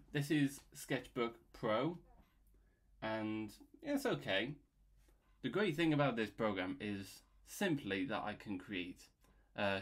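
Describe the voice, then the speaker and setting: A man's voice: medium pitch, fairly bright tone. A man narrating a casual drawing video in a playful, rambling way, wandering off on silly tangents while he works at his computer. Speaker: illustrator and video creator.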